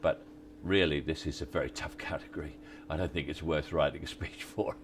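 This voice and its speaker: A man, giving relaxed, halting interview answers on location at a film set, with many restarts and wry chuckles. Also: extremely low pitch, a little hiss or hum. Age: 60s. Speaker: actor interviewee.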